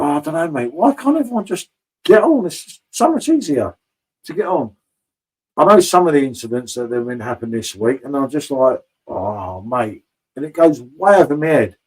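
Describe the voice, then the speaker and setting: A man's voice: a little high, big pitch swings, moderate pace, darkish tone, husky, poor audio. A man in casual live-stream chat from a home bar, chatty and swearing freely, calling everyone mate.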